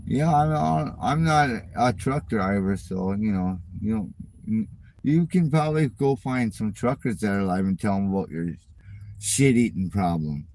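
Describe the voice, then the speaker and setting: A man's voice: on the low side, lively intonation, unhurried, darkish tone, a little hiss or hum. A middle-aged man hosting his channel, ranting in a casual, profane and mocking way at viewer comments. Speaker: channel host.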